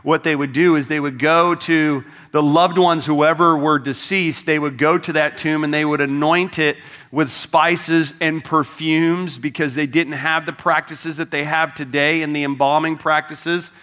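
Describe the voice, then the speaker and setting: Bright-voiced man preaching a sermon. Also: a little high, steady tone, a little slow. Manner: conversational, emphatic, speaks straight to the congregation. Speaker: pastor. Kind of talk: Easter sermon. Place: church service.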